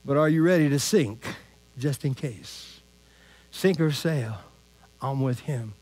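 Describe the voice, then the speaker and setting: A male pastor preaching a casual, conversational sermon, animated and tagging his lines with "man" and "all right?". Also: mid-range voice, slow.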